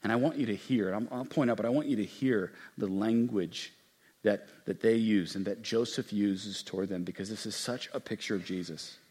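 Impassioned preacher, hushed to booming. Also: male voice, slightly rough. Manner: dynamic preacher, swings from hushed to loud and emphatic; acts out quoted speech with slow, drawn-out emphasis. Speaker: pastor. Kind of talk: sermon.

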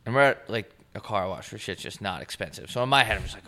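A man's voice: on the low side, fast, hardly any pauses. A young man co-hosting a podcast, telling a story in a casual, profane way and acting out the people he met. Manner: animated storytelling, swearing, acts out voices of people he met. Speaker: podcast co-host. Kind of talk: casual chat.

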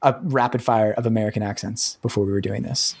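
A man co-hosting a podcast in casual chat, easygoing and pausing between phrases. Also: fairly low pitch, fairly even intonation, creaky, darkish tone, husky. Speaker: podcast co-host.

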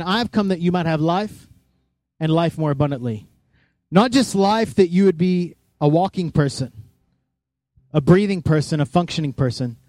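A man preaching a sermon in a church, animated, acting out voices and sounds as he tells the story. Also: fairly high pitch, dry recording. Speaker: pastor.

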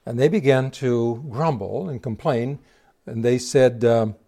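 A man's voice: medium pitch, unhurried, mellow. A man preaching a sermon, retelling scripture and asking the congregation rhetorical questions. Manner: retells scripture with quoted dialogue.

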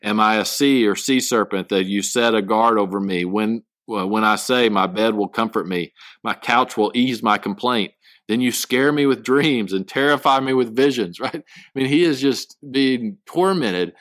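A man teaching a Bible study, reading verses aloud and then explaining them in halting, casual speech full of restarts. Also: mid-range voice, fairly bright tone, no room sound.

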